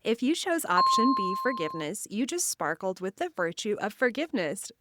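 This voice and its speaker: A woman hosting and narrating an imaginative guided story and quiz for children, speaking in an expressive second-person voice. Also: medium pitch, moderate pace, over loud music. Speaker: children's show host and narrator.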